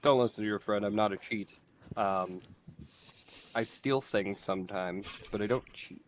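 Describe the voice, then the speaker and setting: A man's voice: fairly low pitch, a little slow, slight background noise. A man playing a tabletop game, talking casually and joking. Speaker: player.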